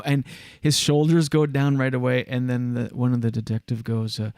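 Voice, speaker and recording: A male podcast host telling a long, meandering story in casual chat. He talks at an ordinary middle pitch, full of fillers. The sound is dry and close. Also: steady tone, normal speed, a little mellow, clear, resonant tone, dry recording. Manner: rambling storyteller, lots of fillers. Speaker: show host.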